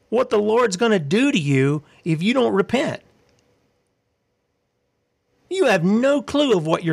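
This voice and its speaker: A male preacher delivers a fiery sermon in a voice pitched a little above the usual. He challenges his listeners with pointed rhetorical questions and reads scripture aloud between his exhortations. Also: creaky.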